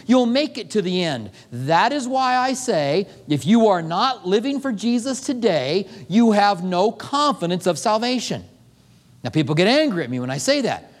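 A man preaching a sermon as pastor, acting out little dialogues as he goes. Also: high voice. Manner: animated preaching with acted-out dialogue. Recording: long hall reverb.

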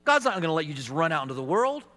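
A man's voice: on the high side, very animated, racing, pushed and bright, in a large hall. A middle-aged man preaching a sermon as a pastor, telling stories and acting out quotes with some humor. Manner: storytelling with acted quotes and humor.

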